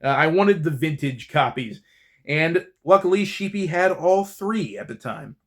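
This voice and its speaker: A man hosts a casual book haul vlog, chatting eagerly about his latest finds. His voice sits at an ordinary middle pitch, and his easy, enthusiastic talk keeps a relaxed flow. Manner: enthusiastic, chatty, with fillers and restarts. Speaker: book channel host.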